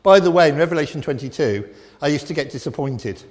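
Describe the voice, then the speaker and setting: Preacher in an echoing church. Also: male voice, a little high, expressive, fast talker. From England. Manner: emphatic and repetitive, swinging from loud declarations to quiet reflection. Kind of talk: sermon. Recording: long reverb of a church hall.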